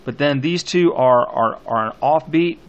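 Slow, halting male poetry teacher. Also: on the high side, highs cut off. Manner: halting, many fillers and restarts; slows right down to read poem lines aloud. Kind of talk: classroom poetry lecture.

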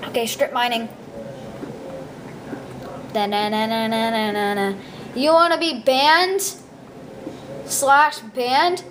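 A high-pitched woman chatting her way through a block-building game, rambling and goofy with lots of ums. A faint hum of noise sits under her voice. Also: slow, fairly bright tone. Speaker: gameplay video maker. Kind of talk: casual gameplay commentary.

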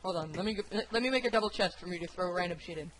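A man hosting a casual game playthrough with friends, teasing and joking loudly. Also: high-pitched, racing. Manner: playful, loud teasing outbursts. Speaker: lets-play host. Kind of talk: casual gaming banter.

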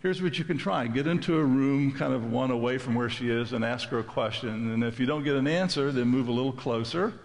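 A patient family doctor , as a lecturer puts him on, calmly explains what to try. The voice is gravelly, with the long reverb of a lecture hall behind it. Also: male voice, mid-range voice, brisk, few pauses, close to an everyday voice. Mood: advising. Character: calm male family doctor giving advice.

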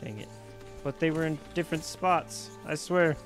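A man giving casual gameplay commentary into his desk mic, chatty and quick to exclaim, talking back to the enemies on screen. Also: on the high side, fairly even intonation, soft background music. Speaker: let's play gamer. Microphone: personal desk mic.

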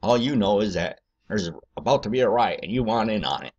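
Deep-voiced man ranting profanely. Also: expressive, brisk, darkish tone, muffled recording. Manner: angry, profane, rambling. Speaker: political video host.

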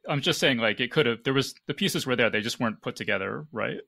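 A man's voice: medium pitch, fast, vocal fry, pushed and bright, no echo. A man chatting casually on a podcast, hedging with many fillers. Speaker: podcast panelist. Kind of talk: casual movie discussion.

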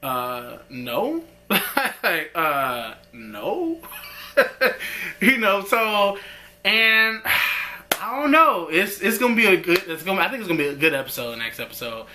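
Lively slangy man recapping a show. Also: sits high, slow, a little hiss or hum. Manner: animated, slangy retelling with frequent laughter. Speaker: episode reviewer. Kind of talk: casual recap and commentary.

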